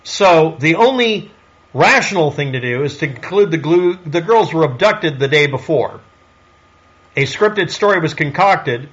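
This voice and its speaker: Sarcastic guy ranting through a commentary, slightly high voice, muffled lo-fi sound. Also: fairly bright tone. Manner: snarky and sarcastic; rhetorical questioning. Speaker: online commentator. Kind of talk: solo commentary monologue.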